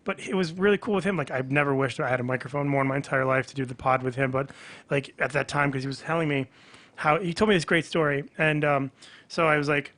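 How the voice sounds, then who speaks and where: A comedian guest on a podcast, chatting casually and telling a story with lively acted-out dialogue. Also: male voice, a little high, quick pace. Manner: animated storyteller, acts out quoted dialogue.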